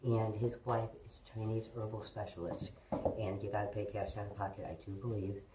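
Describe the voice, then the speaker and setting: A woman's voice: very deep voice, level tone, a little fast, very noisy. A middle-aged woman vlogging from home, rambling loosely, swearing freely and chatting to her pets. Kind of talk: casual rambling chat to camera. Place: at home, indoors. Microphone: phone held in hand.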